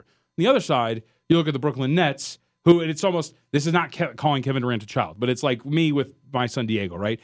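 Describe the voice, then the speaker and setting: A man co-hosting sports talk radio, talking fast with a lively, swooping voice. He argues his points in rapid bursts, thinking aloud, with a slightly high pitch into a studio microphone. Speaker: radio co-host.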